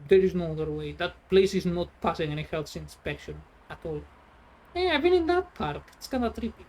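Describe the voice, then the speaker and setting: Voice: medium pitch, lively intonation, brisk, darkish tone. A streamer chatting casually while playing a trucking game, rambling and sarcastic, swearing freely. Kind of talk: casual gameplay chat.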